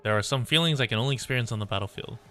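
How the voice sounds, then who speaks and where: A man voicing a quiet, intense young girl fighter, reading her lines in a calm, questioning way. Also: medium pitch, very fast, faint music behind, lightly acted. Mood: earnest.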